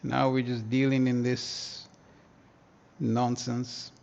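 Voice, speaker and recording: A man's voice: medium pitch, little pitch movement, slow, gravelly, a little mellow, dull audio. A man hosting a live market analysis lesson, talking casually in slang and thinking aloud as he goes. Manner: slangy, thinks aloud, hums and mutters to himself. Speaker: trading educator, livestream host.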